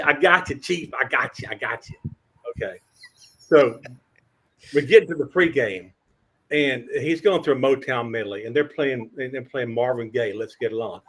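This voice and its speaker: An older man telling lively sports anecdotes as a podcast guest, acting out quotes and stammering through restarts. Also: mid-range voice. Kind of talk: storytelling in a podcast interview.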